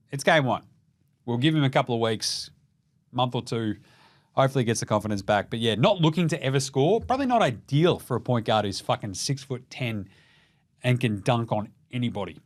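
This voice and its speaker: A young Australian man rattles through the night's basketball scores in a loose, profane chat. He jokes a lot, slips into mock voices, and his pitch sits in the ordinary middle for a man. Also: brisk. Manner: sweary, animated, jokey with mock voices. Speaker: basketball podcast host. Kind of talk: casual sports recap.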